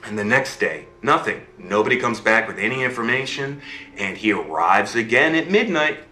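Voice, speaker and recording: A man telling a fairy tale in an animated storytelling style, often checking in with his listener. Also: on the low side, normal speed, reverberant, slight background noise.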